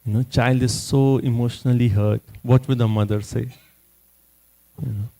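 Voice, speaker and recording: A man giving a scripture class at a temple, telling the story in an animated way and often checking in with "you know" and "right?". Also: mid-range voice, normal speed, vocal fry, poor audio.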